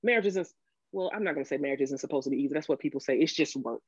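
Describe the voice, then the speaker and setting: A woman guest on a podcast telling the story of her marriage and divorce, emotional and halting, with many restarts, rising sharply when she quotes herself. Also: low-pitched, slightly rough. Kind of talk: candid storytelling about a marriage. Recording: dull lo-fi audio.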